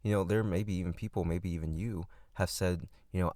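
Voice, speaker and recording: A man hosting a podcast, giving a gentle, reflective monologue with soft repetitions and restarts. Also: sits low, steady tone, brisk, no echo, clean studio sound. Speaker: podcast host.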